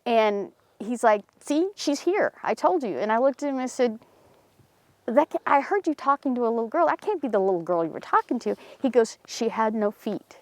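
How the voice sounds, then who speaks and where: Fairly quick in her speech, a paranormal team member tells a local story outdoors at a cemetery. She keeps it casual and lively, lifting her pitch to mimic the people in the tale, and the recording is dry.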